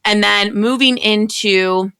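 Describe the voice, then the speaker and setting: Bright, smooth-voiced woman podcast co-host. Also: medium pitch, fairly even intonation, slow. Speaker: fantasy football podcast co-host. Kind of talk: casual chat.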